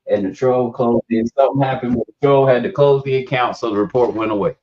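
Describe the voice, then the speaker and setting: A man with a mid-range voice talks fast while hosting a live stream, chatting casually and spinning loose, rambling stories. The audio has a dull, lo-fi stream quality.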